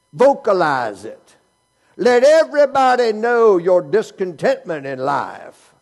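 A man's voice: high-pitched, darkish tone. A male pastor preaching a sermon, asking the congregation rhetorical questions and teasing them with humor.

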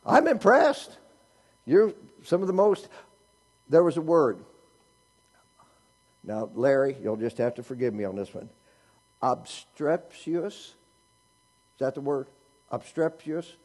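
A man's voice: mid-range voice, big pitch swings, measured pace, long pauses, a little mellow, slightly rough. A male pastor preaching a sermon, asking the congregation rhetorical questions and teasing them with humor.

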